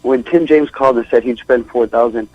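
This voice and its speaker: A man calling in to a radio show, excited and profane, stammering through restarts while laughing helplessly. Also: mid-range voice, fairly quick, no echo, muffled recording. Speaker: caller. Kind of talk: radio call-in.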